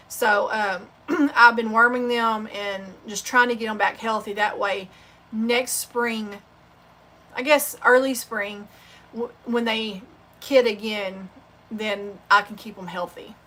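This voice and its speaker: A woman hosts a sewing channel livestream and chats in a loose, rambling way. Her stories come out heartfelt and unpolished. Her voice sits a touch high and sounds bright and forward. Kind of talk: casual livestream chat.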